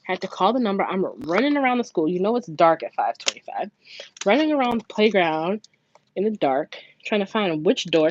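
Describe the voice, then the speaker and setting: A woman telling a long story about her morning in an animated, chatty way, swearing freely and acting out what others said in a raised voice. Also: normal speed. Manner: acts out quoted voices in raised pitch. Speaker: budgeting vlogger, mother. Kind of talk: casual storytelling to camera. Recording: dull lo-fi sound with faint noise.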